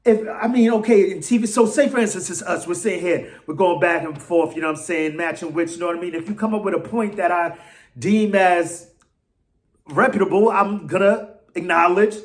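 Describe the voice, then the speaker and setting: High-voiced excitable male fan vlogger. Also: brisk. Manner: excitable and rambling, with slang and restarts. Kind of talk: casual fan rant to camera.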